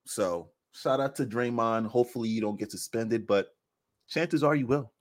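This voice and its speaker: This is casual sports chat from a man on a podcast mic, lively and full of laughter, talking basketball at a normal speed. His voice is mid-range, and he performs snippets of players' quotes along the way.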